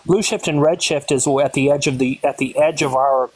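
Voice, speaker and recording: A man's voice: fairly high pitch, fairly even intonation, normal speed, breathy edge. Hesitant man rambling through science talk. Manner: meandering, hesitant explaining. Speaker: debate participant. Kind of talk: live online debate.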